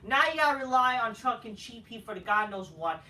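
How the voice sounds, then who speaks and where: A woman's voice: fairly high pitch, animated, fairly quick, bright, forceful tone. A woman hosting a wrestling show review, ranting in a crude, sarcastic, heated way. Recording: echoey room, far from mic.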